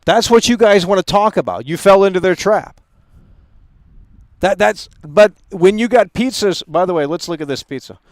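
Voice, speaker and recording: A man's voice: high-pitched, expressive, normal speed, no room sound, studio quality. A man hosting a live stream, ranting bluntly at his chat and swearing freely. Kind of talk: casual live-stream rant.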